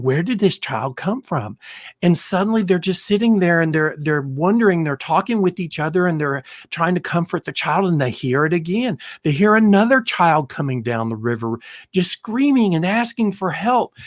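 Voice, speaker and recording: This retirement planning show host has a slightly high voice, recorded in a clean studio with no room sound. Addressing the camera directly, he works through a lengthy parable in an earnest, repetitive way.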